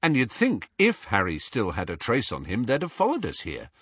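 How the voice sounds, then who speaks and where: A man voicing a worried, excitable teenage wizard boy who presses with loud, urgent questions. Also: medium pitch, normal speed, breathy edge, no room sound, highs cut off, heavily acted.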